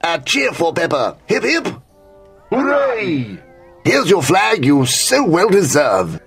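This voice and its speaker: Cartoonish old king, booming proclamations, lively sing-song pitch, game voice. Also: takes it slowly, soft background music, exaggerated voice. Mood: proclaiming. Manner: grand, old-fashioned proclamations. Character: jolly old medieval king, proud and theatrical.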